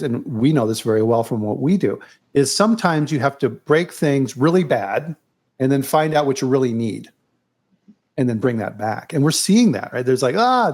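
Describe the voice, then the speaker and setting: A middle-aged man in casual podcast conversation, speaking at an ordinary middle pitch. He talks in a relaxed way, restarts and repeats words, and drifts into stories. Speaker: podcast host.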